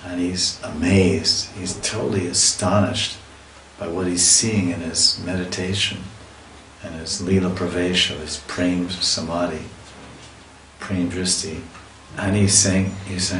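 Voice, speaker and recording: A man with a very deep voice gives a devotional scripture lecture. He recites verses and breaks into emotional, acted-out cries as he tells the story. The room is echoey, with faint ambient noise behind him. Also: fairly even intonation, unhurried, fairly bright tone. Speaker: swami giving a scripture class.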